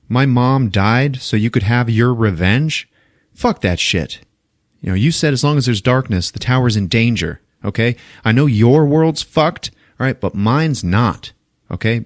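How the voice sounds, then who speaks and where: A man voicing an upset teenage boy who shouts and curses, in a casual movie recap. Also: mid-range voice, animated, normal speed, no room sound, clean studio sound, close to an everyday voice. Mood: angry. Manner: shouting and cursing.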